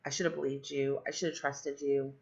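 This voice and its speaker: Middle-aged woman, storyteller, rambling with asides; raspy fry, muffled lo-fi audio. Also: a bass voice, level tone, fairly quick. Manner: rambling, many fillers and asides. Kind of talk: personal storytelling. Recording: dull lo-fi sound.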